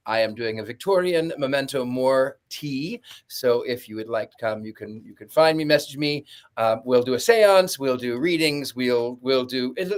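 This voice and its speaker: A man in a casual panel chat, talking in a relaxed, slightly halting way with small restarts. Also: medium pitch. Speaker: panel guest.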